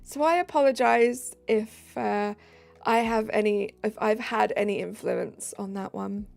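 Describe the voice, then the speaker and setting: A tired British woman chatting casually on a live stream, giggly, reading chat aloud and dropping into soft asides. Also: mid-range voice, unhurried, creaky, soft background music.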